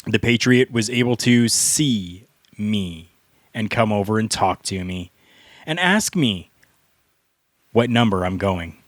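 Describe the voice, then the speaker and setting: Middle-aged male podcast co-host, slow and earnest, dry close sound. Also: on the low side, lively intonation, no room sound. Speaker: podcast co-host, former pro wrestler. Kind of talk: storytelling podcast talk.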